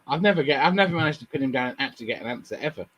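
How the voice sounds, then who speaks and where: A man's voice: mid-range voice, animated, very fast, fairly bright tone, breathy edge. A man in casual chat who teases and quizzes his friend with pointed questions.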